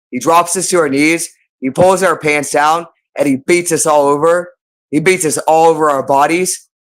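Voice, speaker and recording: A man's voice: on the high side, fairly bright tone. A man with a slightly raised voice who speaks off the cuff on a livestream. He swears constantly and loops the same words in long, insistent runs. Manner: repeats phrases over and over, heavy swearing. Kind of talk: unscripted livestream monologue.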